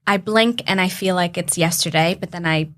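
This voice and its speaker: A woman's voice: on the low side, moderate pace. A young woman from Canada, a podcast guest telling her story in an earnest, heartfelt way. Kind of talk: casual interview chat.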